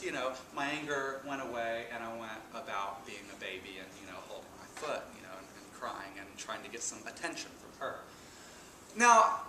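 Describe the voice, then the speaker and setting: A man giving an introductory philosophy lecture, telling a personal story with lively, animated emphasis. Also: on the high side, far from the mic, slight background noise. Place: lecture room. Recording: echoey room, speaker off-mic.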